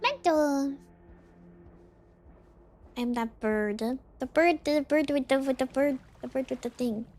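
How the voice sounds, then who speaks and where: A woman's voice: high-pitched, slow pace, pauses often, darkish tone, soft background music. A woman streamer with a slight lisp on her S sounds, chatting casually and muttering words to herself as she plays a game. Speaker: VTuber streamer.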